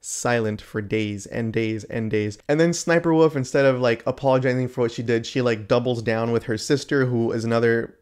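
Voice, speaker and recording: A man's voice: mid-range voice, brisk, few pauses, a little mellow, smooth. A man ranting indignantly to the camera in a YouTube rant video, exasperated and emphatic.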